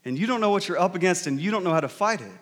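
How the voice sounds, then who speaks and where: A male pastor delivers a sermon to his congregation, easygoing and jokey, telling stories like he's chatting with friends. His voice sits high for a man, and a long reverb trails each phrase through the large church hall. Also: animated, rapid-fire. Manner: conversational, jokey storytelling preaching.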